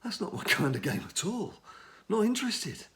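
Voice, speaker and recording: A man's voice: a little high, huge pitch swings, fairly quick, sharp tone. A middle-aged English man giving casual commentary on a mobile game he is playing, rambling and talking to himself as he plays. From England. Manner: chatty, rambling, talks to himself while playing. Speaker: gaming channel host.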